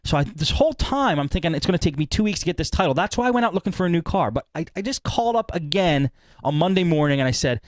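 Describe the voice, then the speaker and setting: Animated rambling man telling a story. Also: fairly high pitch, rapid-fire, dry recording. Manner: rambling, animated retelling with acted-out quotes. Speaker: podcast host. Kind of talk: casual storytelling.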